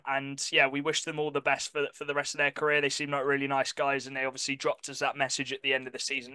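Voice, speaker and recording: A man co-hosting a casual sports podcast, chatty and quick to correct himself mid-sentence. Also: medium pitch, bright, forceful tone, clean tone, dry recording. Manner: chatty, self-correcting, apologetic about pronunciation. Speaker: podcast co-host.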